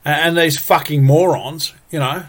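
A man's voice: fairly high pitch, steady tone, moderate pace, fairly bright tone. A man ranting angrily and profanely, full of exasperated repetitions. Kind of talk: angry solo rant.

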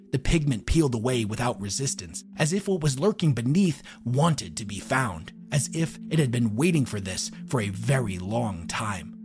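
Male dark-fiction narrator, measured and dramatic, mid-pitched, faint music under.

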